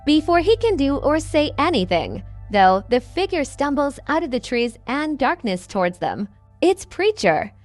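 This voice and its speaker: A woman narrating a scripted horror story in a slow, measured reading. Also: sits high, very animated, soft background music.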